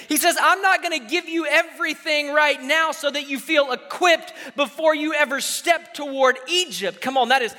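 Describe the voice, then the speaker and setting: High, bright-voiced preaching man. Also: moderate pace, hardly any pauses. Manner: exhorting, call-and-response, acts out quoted voices. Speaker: pastor. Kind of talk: sermon. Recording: reverberant hall.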